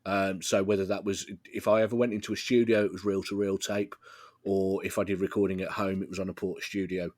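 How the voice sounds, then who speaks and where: A man's voice: low voice, little pitch movement, fast talker, a little mellow, no room sound, clean studio sound. A man talking as a podcast guest in a rambling, casual way, with plenty of fillers. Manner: rambling, fond of filler words, laughs easily.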